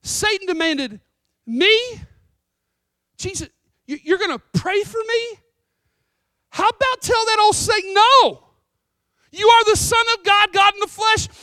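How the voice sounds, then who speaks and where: A preacher acting out an alarmed male disciple who pleads for more than prayer, rising to shouts. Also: extremely high pitch, measured pace, long pauses, no echo, pitched above the performer's own voice, heavily acted. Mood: incredulous.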